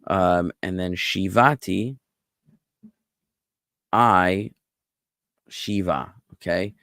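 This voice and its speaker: A man, a rabbi, giving a relaxed online class on Biblical Hebrew, explaining words patiently and wandering off into asides. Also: deep voice, extremely slow, no echo, clean studio sound. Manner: relaxed, explanatory, digressive with fillers.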